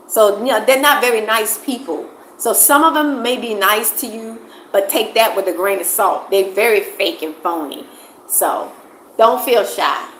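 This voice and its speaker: A woman's voice: fairly high pitch, fairly bright tone, echoey room, slight background noise, rough recording. A woman from the United States chatting casually on a livestream, emphatic and repeating phrases for stress, answering viewers. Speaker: vlogger answering live chat.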